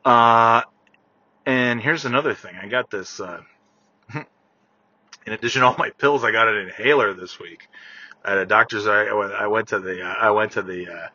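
A man talking casually while driving his car, ranting with lots of swearing and yelling at other drivers. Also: fairly low pitch, moderate pace, pauses often, no room sound, muffled recording. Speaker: vlogger.

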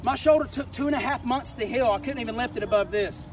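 A man's voice: extremely high pitch, fast. A man preaching an informal sermon, emphatic and confrontational, hammering home key phrases by repeating them. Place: outdoors near a wrecked car. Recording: distant mic with faint outdoor noise.

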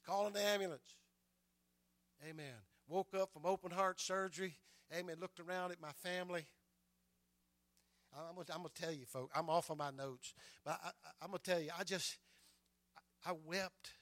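A man's voice: a little high, steady tone, moderate pace, a bit bright, dry recording. An older man preaching a sermon and telling his own stories, stumbling over repeated words and adding "amen" between his lines. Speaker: pastor.

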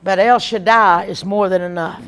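A woman's voice: mid-range voice, moderate pace, clear, resonant tone. Emphatic woman evangelist preaching. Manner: emphatic, animated preaching with repeated lines. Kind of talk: sermon.

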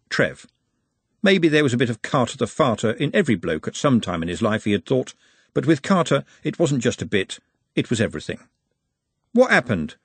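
A man narrating a comic novel as an audiobook in an expressive, wry storytelling manner. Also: medium pitch, husky, no room sound.

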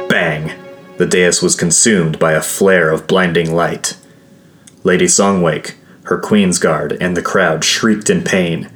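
Deep-voiced man narrating a fantasy audiobook. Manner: measured, dramatic storytelling. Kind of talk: first-person scripted audiobook narration. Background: soft guitar music.

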